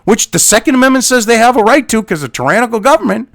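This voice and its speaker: Reading an article aloud, a male political commentary host launches into an angry rant packed with sarcastic, profane insults. His very high voice is animated, fast, a bit bright and has vocal fry, recorded dry at studio quality.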